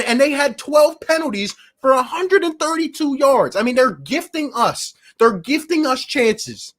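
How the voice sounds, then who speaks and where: Exasperated man ranting in a high voice. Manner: casual slang, calls viewers bro and my guy. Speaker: sports talk show host. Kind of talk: live post-game sports rant.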